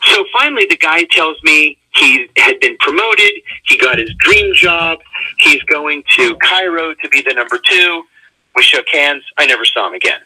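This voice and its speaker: A man, a radio interview guest, telling a personal story in an animated way with vivid swings of pitch. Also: normal speed, slightly rough, poor audio.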